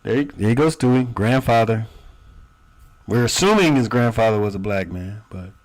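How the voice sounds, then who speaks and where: Low-voiced man hosting a reaction stream. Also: moderate pace. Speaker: host reacting to a clip. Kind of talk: commentary over a played clip.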